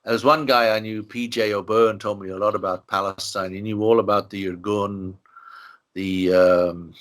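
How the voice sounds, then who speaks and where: A man's voice: lowish voice, fairly even intonation, normal speed, a bit bright. An older man from Ireland, an interviewee, telling long stories in a rambling way with many "you know" asides. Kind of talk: relaxed storytelling interview.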